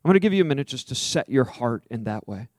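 A male pastor preaching a sermon, with a voice of middling pitch. He tells a story with acted-out quotes, then slows into a soft, prayerful invitation. The sound is dry and close. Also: sing-song, no room sound.

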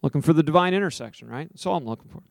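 American male preacher, emphatic sermon delivery, fairly high voice, dry close sound. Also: expressive, vocal fry, no echo. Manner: emphatic, with sudden high swings and drawn-out stressed words.

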